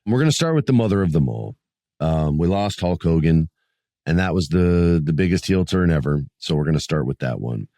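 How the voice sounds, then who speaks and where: A man's voice: deep voice, lively intonation, fairly quick, dark tone, no echo, clean studio sound. A man in his late forties hosting a wrestling podcast solo, rambling casually with jokes and plenty of swearing. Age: 40s. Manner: rambling, joking, swears freely. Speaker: podcast host.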